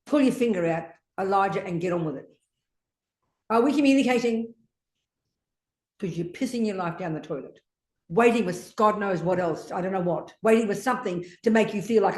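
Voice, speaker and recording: An older woman Buddhist teacher with a mid-range voice speaks briskly while pressing a student with blunt, combative questions. She swears liberally, recorded in a teaching room full of echo.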